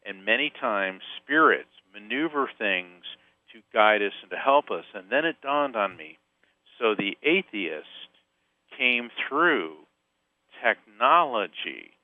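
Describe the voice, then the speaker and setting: A man from Central Florida telling a personal story as a podcast guest, lively and acting out the voices in it. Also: on the low side, slow pace, dry recording. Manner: animated storyteller, acts out quoted voices. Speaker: psychic medium and author, podcast guest. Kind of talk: storytelling interview. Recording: phone-line sound, dry.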